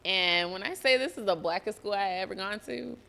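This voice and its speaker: A young adult woman, hosting a motivational solo podcast in an energetic, profane way. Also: mid-range voice, brisk, gravelly. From US (Georgia). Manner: energetic, profane, acts out quoted voices. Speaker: podcast host.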